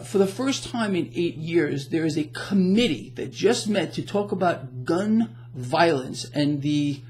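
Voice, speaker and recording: A man's voice: high voice, darkish tone. A man hosting financial commentary, ranting to the camera with emphatic sarcasm and rhetorical questions.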